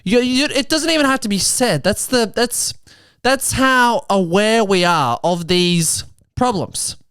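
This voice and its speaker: Australian man in his twenties, smooth voice. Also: high voice, expressive, a bit bright, no echo. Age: 20s. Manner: quick, chatty storytelling with asides. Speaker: podcast host and comedian. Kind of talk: comedic monologue turning to social commentary.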